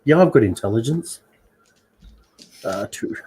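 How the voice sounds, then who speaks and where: A man at a tabletop game throws out quick jokes in casual chat. His voice sits at a middle pitch, with faint background noise. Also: lively intonation, mellow. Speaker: player.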